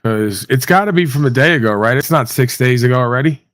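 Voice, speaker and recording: A man's voice: medium pitch, lively intonation, quick pace, fairly bright tone, no room sound. Sweary, sarcastic male streamer. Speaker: livestream host. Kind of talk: profane casual ranting livestream chat.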